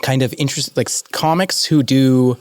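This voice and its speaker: A man from Canada co-hosting a podcast, telling stories in an animated, laughing way. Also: medium pitch, normal speed, dry recording. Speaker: podcast co-host. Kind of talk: casual chat.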